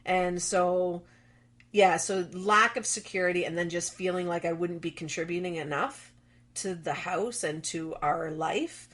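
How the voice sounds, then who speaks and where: Animated middle-aged woman telling stories. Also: on the low side, measured pace. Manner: animated storyteller, acts out quoted dialogue. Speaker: guest. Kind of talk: conversational interview.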